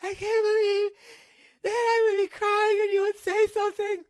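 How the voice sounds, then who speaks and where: Man putting on a squeaky, tearful, wounded girlfriend, high and shrill, for a comedy bit. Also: little pitch movement, a little fast, no room sound, clean studio sound. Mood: tearful outrage. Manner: high falsetto, tearful and indignant. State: crying. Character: upset young girlfriend, hurt and shrill.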